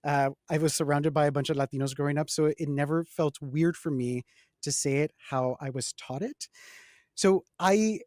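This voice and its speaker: A man's voice: on the high side, normal speed, darkish tone, no room sound. Earnest man hosting, very dry sound. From Texas-Mexico border. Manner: reflective, earnest, asks guests questions. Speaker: host. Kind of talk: casual conversation.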